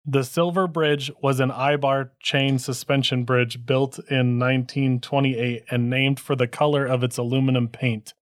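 A man co-hosting a podcast, reading researched notes with deadpan quips. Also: medium pitch, moderate pace, hardly any pauses, no echo, studio quality. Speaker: podcast co-host.

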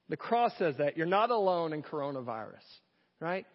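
High-voiced man preaching a sermon. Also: big pitch swings, moderate pace, in a large hall, lo-fi sound. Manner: earnest preaching with rhetorical questions. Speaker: pastor.

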